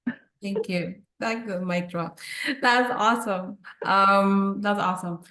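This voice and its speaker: A woman's voice: mid-range voice, fairly even intonation, unhurried. A woman hosting a panel on a video call, asking questions in an encouraging way with frequent restarts. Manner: warm, encouraging, hesitant restarts. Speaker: host, moderator.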